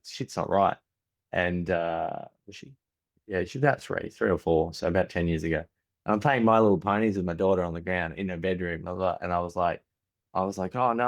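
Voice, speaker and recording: A man in his forties with an Australian accent, a podcast guest telling candid stories, often restarting sentences and acting out family dialogue. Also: deep voice. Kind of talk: candid conversational storytelling.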